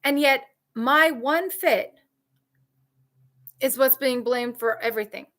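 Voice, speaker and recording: A woman's voice: takes it slowly, fairly bright tone. Emphatic, candid woman coach. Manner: candid, emphatic, repeats key phrases; mimics others' voices in high shrill outbursts. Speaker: trauma recovery coach. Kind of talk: live talk answering viewer comments.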